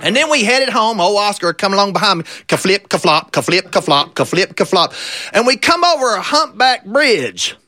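Brief: man playing a deadpan old country farmer, drawl, bright voice, dry close mic. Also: high-pitched, moderate pace, no echo, some chatter behind, exaggerated voice. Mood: earnest. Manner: folksy, rambling, deadpan tall-tale telling. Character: old rambling country farmer telling a tall tale.

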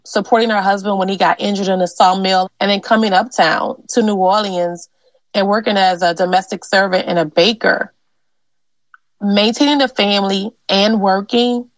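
A woman's voice: medium pitch, dry recording, rough recording. Earnest woman telling family stories. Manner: earnest, conversational, with fillers. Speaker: genealogist and interviewee. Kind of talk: personal storytelling interview.

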